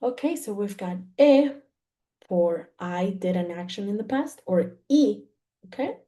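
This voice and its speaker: Woman from Mexico, language teacher; mellow tone, unhurried, patient explaining. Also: medium pitch, lively intonation. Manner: patient, repeats "okay?" after each point, slow and careful. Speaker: Spanish teacher. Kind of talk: explaining grammar to learners.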